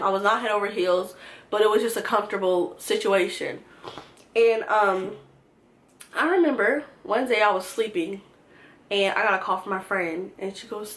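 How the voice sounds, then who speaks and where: A woman's voice: a little high, a bit bright. A young woman from Georgia telling a profane, exasperated storytime to her viewers. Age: young adult. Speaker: vlogger. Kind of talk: storytime vlog.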